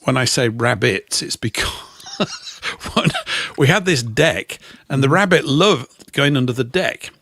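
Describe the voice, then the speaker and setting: A man's voice: medium pitch, lively intonation, a little slow, fairly bright tone, no room sound. Middle-aged english guy rambling dry stories, voice goes all over, dead dry mic. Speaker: co-host. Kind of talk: casual chat.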